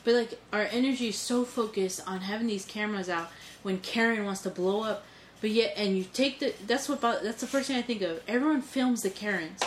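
A woman co-hosting a casual podcast chat, telling stories in an animated, indignant way with some swearing. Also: medium pitch, brisk, roomy sound, slight background noise. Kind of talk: casual conversation.

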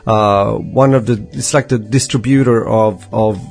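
A man's voice: fairly low pitch, fairly even intonation, a little slow, vocal fry, darkish tone, faint music behind. A man co-hosting a podcast who chats in an easygoing, rambling way and laughs often. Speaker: podcast co-host. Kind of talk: casual chat.

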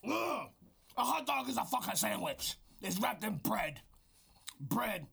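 A man co-hosts a comedy podcast in a growling put-on wrestler voice, throwing out profane, boastful trash talk. His voice sits high and gravelly, with a bright, husky edge. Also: big pitch swings, unhurried. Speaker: podcast co-host.

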